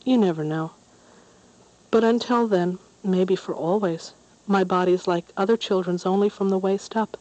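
A woman's voice: mid-range voice, steady tone, moderate pace, darkish tone, no echo, muffled recording, natural voice. A woman voicing a curious, matter-of-fact young girl in a storybook reading. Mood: earnest.

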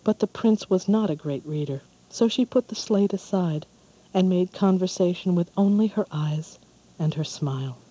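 A storyteller giving a measured, calm scripted narration of a fairy tale. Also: mid-range voice, poor audio.

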